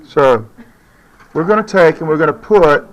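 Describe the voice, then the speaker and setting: A man's voice: fairly high pitch, animated, normal speed, dull audio. A man teaching a chemistry demonstration in a classroom, firm and shushing his chattering students. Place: school classroom.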